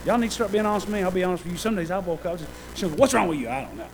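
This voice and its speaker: Fervent high-voiced preacher man. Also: lively intonation, very fast, a crowd in the background, poor audio. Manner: fervent, building to loud shouted peaks; conversational, self-deprecating asides with laughter. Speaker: pastor. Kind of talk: sermon.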